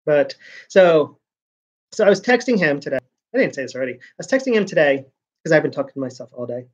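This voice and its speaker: A man's voice: a little high, very animated, fast talker. Guy venting in a rambly vlog, keeps repeating himself, kinda muffled lo-fi audio. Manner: frustrated venting, repeats words. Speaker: vlogger.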